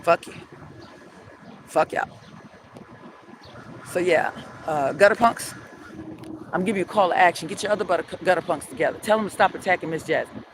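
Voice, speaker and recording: A woman's voice: on the low side, quick pace. A middle-aged woman with a New Orleans accent, ranting profanely and heatedly on a live stream from a city street at dawn, filmed on a phone. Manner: heated, profane, animated storytelling with sing-song chanting. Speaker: street vlogger. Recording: loud outdoor city traffic noise.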